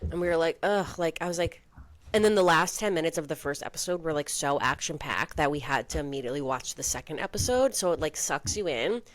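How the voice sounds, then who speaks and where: A young woman co-hosting a podcast in casual chat, peppering her talk with "like" and quick asides. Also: deep voice, lively intonation, no echo. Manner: chatty, heavy use of "like", quick asides. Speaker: podcast co-host.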